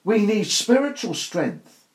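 Slow, lively older male preacher. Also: high-pitched. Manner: earnest, emphatic, rhetorical questions. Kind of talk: informal sermon to a small group. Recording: roomy echo.

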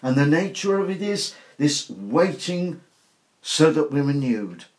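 Older man, preacher, informal sermon, emphatic, somewhat high voice, echoey room. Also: very animated, measured pace. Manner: earnest, emphatic, rhetorical questions. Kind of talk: informal sermon to a small group. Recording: roomy echo.

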